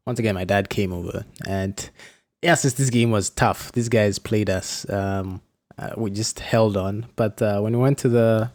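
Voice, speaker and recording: A man hosting a casual podcast chat, telling stories with lively acted-out quotes and frequent laughs. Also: lowish voice, normal speed. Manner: animated storyteller, acts out quotes, laughs often. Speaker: podcast host and flight instructor.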